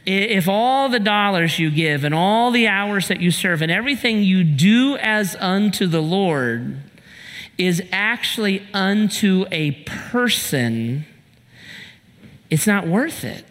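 Guy pastor telling a funny story in his sermon, high voice, echoey church. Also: slow pace. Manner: animated storyteller, shouts in punchlines. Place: church sanctuary.

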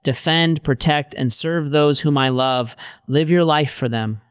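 A man voicing Jesus as a gentle, patient teacher in relaxed, modern phrasing. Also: fairly high pitch, unhurried, clean tone, no room sound, studio quality, lightly acted. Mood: earnest.

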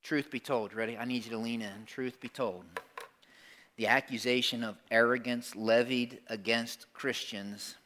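A man preaching a sermon to a congregation, talking conversationally and swinging between quiet, earnest asides and loud, emphatic bursts. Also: medium pitch, steady tone, a little slow. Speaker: pastor. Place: church service before a congregation.

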